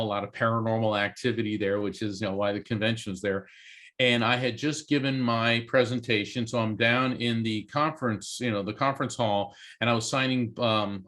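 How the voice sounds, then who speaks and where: A man's voice: medium pitch, fairly bright tone. A man from East Coast Florida, a medium and author, telling a personal story as an interview guest and acting out the voices of the people in it. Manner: earnest, acts out quoted voices in his story.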